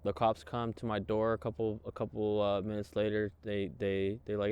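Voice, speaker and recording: A man, a guest in an interview, telling his own story in a raw, emotional way, swearing freely and halting often. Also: on the low side, monotone, a little mellow, clean tone, dry recording. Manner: halting, many fillers and restarts. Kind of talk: candid personal storytelling.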